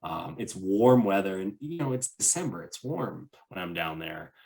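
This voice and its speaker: A man's voice: deep voice, big pitch swings, moderate pace, gravelly, a little mellow. A man co-hosting a podcast, chatting casually about travel in a rambling way, full of "like" and restarts. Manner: rambling, many fillers and restarts. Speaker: podcast co-host.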